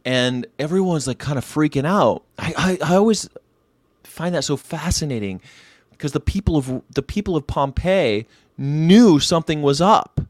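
A man in his late thirties hosts a daily vegan show, riffing casually and irreverently on history with rambling, swearing, rhetorical questions and wry commentary. His fairly high voice is animated and a little mellow, at normal speed, on a dry recording.

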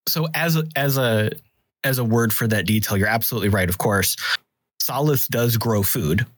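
A man with a mid-range voice serves as game master for a tabletop role-playing game, narrating scenes in a measured way. There is no room sound.

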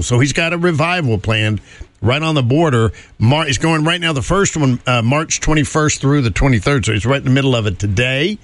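A man's voice: mid-range voice, dry recording. A man hosting a morning show, chatting casually and rambling with fillers and chuckles. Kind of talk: casual radio chat.

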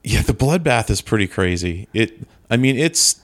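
A man with a fairly low voice, chatting casually about movies. He talks wryly and laughs often, with mock-disgusted asides. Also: animated, normal speed.

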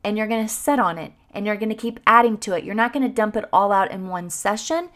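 A woman's voice: medium pitch, fast, fairly bright tone. A woman in her thirties hosting a motivational podcast for teachers, talking with gushing, encouraging enthusiasm. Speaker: podcast host coaching teachers.

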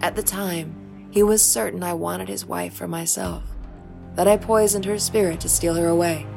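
A woman voicing the gentle ghost of an ancient male shaman, calm and wise, in a storybook reading. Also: lowish voice, normal speed, gravelly, over music. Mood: solemn.

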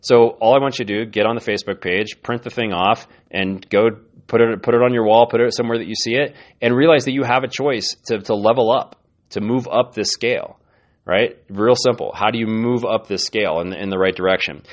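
A man's voice: lowish voice, brisk. A man hosting a podcast, giving an earnest, encouraging motivational talk and often repeating his words. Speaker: podcast host.

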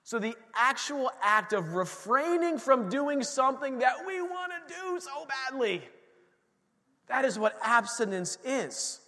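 A man's voice: very high-pitched, sharp tone. A man preaching a sermon in a church, emphatic and repetitive as he builds intensity. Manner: emphatic preaching, repeating phrases with rising intensity. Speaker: pastor. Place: church sanctuary. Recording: long hall reverb.

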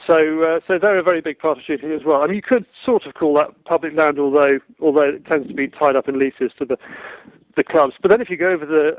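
Phone: tinny. Sex: man. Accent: British. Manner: fast, chatty storyteller. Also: a little high, no room sound. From Britain. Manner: chatty, laughs through anecdotes, repeats words. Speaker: guest, field sports broadcaster. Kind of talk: conversational storytelling. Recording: tinny phone-like line, dry.

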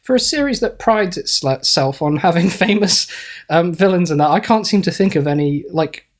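A man's voice: sits high, animated, moderate pace. A man co-hosting a podcast, chatting casually and rambling with frequent giggles and fillers. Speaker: podcast co-host. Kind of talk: casual comedic chat.

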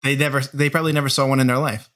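A man hosts a casual chat, joking around and tossing out blunt, crude asides while laughing at things. His voice sits at a medium pitch with a level tone and a fairly bright quality, and he talks rapid-fire.

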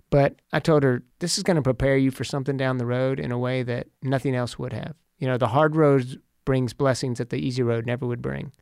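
A man's voice: medium pitch, smooth, no echo, studio quality. A man in his forties with teenage daughters, talking earnestly about family and faith, telling stories. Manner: earnest, storytelling, prayerful. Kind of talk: casual faith talk.

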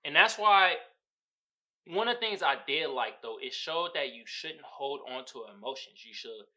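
A man's voice: on the high side, animated, moderate pace, pushed and bright, rough recording. A young man from the Bay Area hosting a podcast, ranting about a movie in slangy, profane casual talk and laughing often. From San Francisco Bay Area. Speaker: podcast host. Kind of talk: casual movie-review rant.

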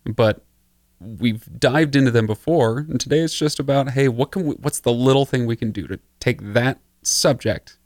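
A man's voice: mid-range voice, normal speed, a little mellow, no echo, studio quality. A man co-hosting a business podcast in an easygoing, chatty way, wrapping up with plugs for listeners. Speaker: podcast co-host. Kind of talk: casual podcast chat.

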